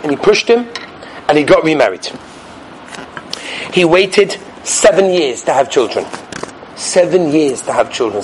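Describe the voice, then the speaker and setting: A man giving a Torah sermon as a rabbi, animated and swinging between loud stresses and hushed asides. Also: on the high side, a little hiss or hum.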